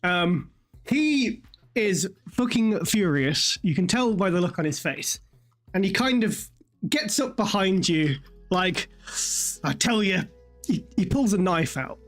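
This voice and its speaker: A woman's voice: medium pitch, expressive, slow, faint music behind. A woman narrating as game master of a tabletop game, casual, swearing, full of fillers.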